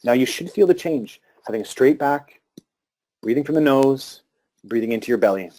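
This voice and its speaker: A man giving a live talk to an audience about meditation and breathing, speaking calmly with pauses and restarts. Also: medium pitch.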